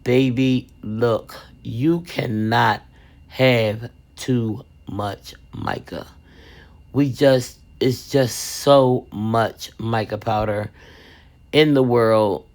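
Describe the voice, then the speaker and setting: A woman resin craft vlogger telling a funny family story and giving supply tips in a lively, chatty way, calling viewers "baby". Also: extremely low pitch, very slow.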